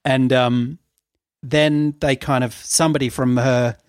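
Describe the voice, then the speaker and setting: Telling a story as a podcast co-host, this man keeps his delivery casual and chatty, with frequent laughter and many fillers. His medium-pitched voice is smooth and steady, moving at a measured pace. The recording is dry and of studio quality.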